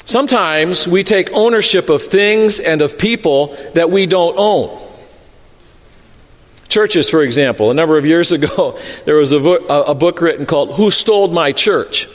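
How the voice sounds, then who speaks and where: A man preaching a sermon as pastor, telling a Bible story with lively acted-out quotes and asides. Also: fairly high pitch, normal speed, long reverb tail.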